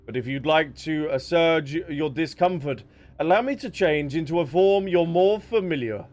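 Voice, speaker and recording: A man's voice: on the high side, expressive, a little mellow, lightly acted. A man voicing an ancient, gracious dragon in human form. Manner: formal, courteous, measured speech.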